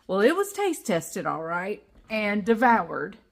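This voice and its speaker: A woman's voice: medium pitch, very animated, slow, creaky. A woman with a Southern US accent hosting a casual home cooking vlog from her kitchen, chatty and folksy, laughing often. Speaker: cooking channel host.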